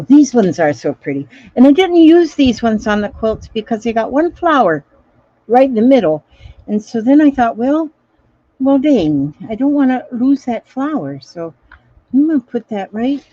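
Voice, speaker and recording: A woman's voice: a little high, mellow, dry recording, lo-fi sound. A woman chatting casually through a crafting livestream, repeating little phrases to herself as she works. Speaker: craft vlogger reading live comments.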